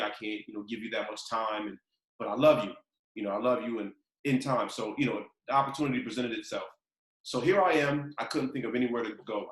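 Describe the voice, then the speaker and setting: Male podcast host, lowish voice, animated storyteller, roomy echo. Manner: animated storyteller, acts out quotes. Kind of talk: casual storytelling chat.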